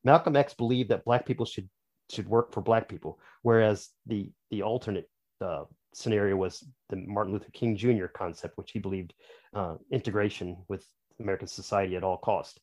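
A man's voice: on the low side, fairly even intonation, brisk, darkish tone. A man, an author and podcast guest, explaining his views at length in casual, opinionated conversation.

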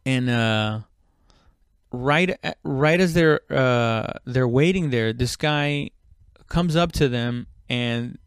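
Speaking slowly in a smooth, medium-pitched voice, a man rambles through a casual story with lots of fillers and restarts. He curses freely and voices quoted lines loudly. The studio-quality recording has no echo.

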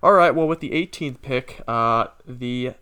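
Man, crisp voice, casual podcast chat, detailed scouting breakdowns. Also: mid-range voice, a little slow, bright, forceful tone. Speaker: baseball draft analyst.

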